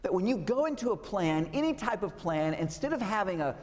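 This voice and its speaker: A man's voice: high voice, sing-song, a little fast, in a large hall. A pastor preaching a conversational sermon, asking his listeners rhetorical questions.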